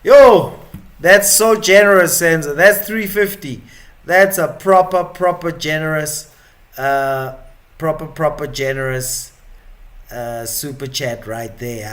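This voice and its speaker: A man's voice: a little high, slow, a bit bright. A South African man hosting a live stream, chatting and joking in a rambling, casual way.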